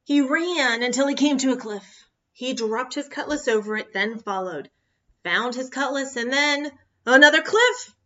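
A woman reading a children's picture book aloud in an expressive, animated way. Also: high-pitched, measured pace, lo-fi sound. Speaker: storyteller.

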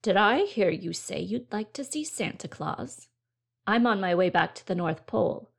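A man's voice: sits high, lively intonation, moderate pace, vocal fry, exaggerated voice. A woman voicing a small, friendly male garden elf who cheerfully guides children, in a storybook reading.

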